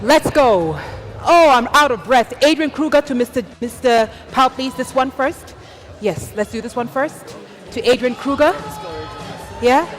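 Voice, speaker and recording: A woman emceeing a live awards ceremony on stage, hyping the crowd with energetic, shouted announcements. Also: high-pitched, moderate pace, faint music behind. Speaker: event emcee. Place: stage of a large live event.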